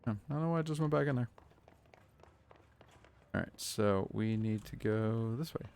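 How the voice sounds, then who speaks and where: A man's voice: on the low side, normal speed, gravelly, a little mellow, slight background noise. A man chatting and joking with his viewers while streaming a video game. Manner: chatty, joking, talks to chat. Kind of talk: casual gaming livestream commentary.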